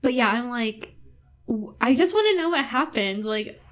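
A woman co-hosting a casual chat, talking chattily with many "like"s and quick asides. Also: a little high, expressive. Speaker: podcast co-host.

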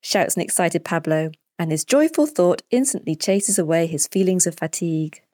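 A woman narrating a children's story as the storyteller, in a clear and deliberate way. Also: on the low side, lively intonation, mellow, no room sound, studio quality.

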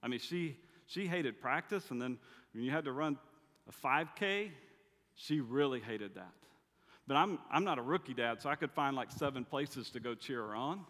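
A man's voice: medium pitch, lively intonation, moderate pace, fairly bright tone. A middle-aged man preaching a sermon, telling family stories with dry humor in a conversational way. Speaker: pastor. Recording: long reverb of a large hall.

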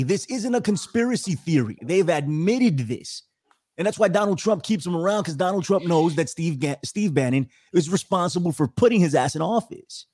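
Male stream host, a bit high-pitched, heated rant, lots of stammering restarts. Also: darkish tone, dry recording, clean studio sound. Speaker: show host. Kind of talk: casual livestream panel talk.

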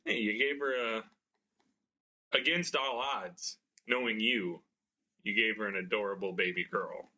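A man's voice: lowish voice, steady tone, measured pace, bright, forceful tone, highs cut off. An American man co-hosting a podcast, chatting casually and joking about himself, often laughing. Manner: self-deprecating, laughing often. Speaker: podcast co-host. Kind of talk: casual chat.

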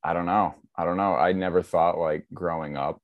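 A man's voice: deep voice, fairly even intonation, moderate pace, narrow, tinny audio. A young man from Massachusetts with a mild local accent, a guest chatting casually in a laid-back, rambling way. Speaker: guest, TikTok creator. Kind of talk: casual chat.

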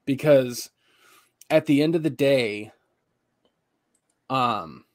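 A young man co-hosting a podcast, telling rambling stories full of swearing. His pitch sits in a middle range. The sound is dry and close, with no room around it. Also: very slow, no echo. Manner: profane, rambling storytelling. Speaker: podcast co-host. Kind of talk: casual chat.

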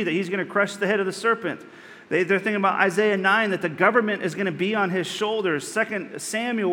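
A man's voice: high voice, pushed and bright, in a large hall. A man preaching a sermon, earnest and conversational, with rhetorical questions to the congregation. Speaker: pastor.

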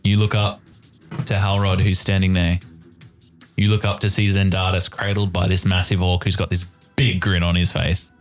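A man narrating a tabletop game as game master, describing scenes in a deliberate way. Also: deep voice, level tone, faint music behind.

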